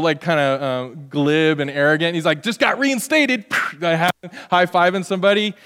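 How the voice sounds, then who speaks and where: A pastor in his forties delivers a sermon in a church, his voice sitting fairly high for a man. He preaches in a loose, conversational way and keeps slipping into short acted-out scenes. His voice carries a long reverb from the hall. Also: clear, resonant tone. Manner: conversational, animated, acts out little scenes. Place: church sanctuary.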